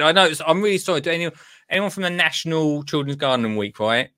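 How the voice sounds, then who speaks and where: A man hosting a podcast, chatting excitedly and gushing with exclamations. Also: a little high, fast talker. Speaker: podcast host. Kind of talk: excited casual chat.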